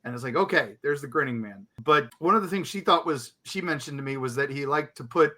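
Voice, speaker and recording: A man's voice: a little high, quick pace, bright, forceful tone. A man co-hosting a podcast, chatting casually and animatedly, acting out other people's reactions as he tells a story.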